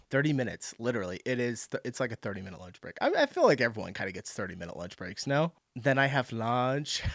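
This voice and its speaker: A man's voice: medium pitch, no room sound, clean studio sound. A man hosting a reaction video, reading comments aloud in a casual, amused way and laughing often.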